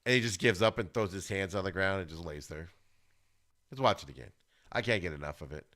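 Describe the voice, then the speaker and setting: A man hosting a podcast, giving an animated, ranting football recap with plenty of exclamations. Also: deep voice, fairly quick. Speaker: podcast host.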